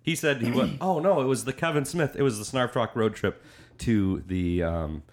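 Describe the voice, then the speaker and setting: A man's voice: mid-range voice, moderate pace. A man hosting a casual podcast chat, rambling and joking with his co-hosts. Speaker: podcast host.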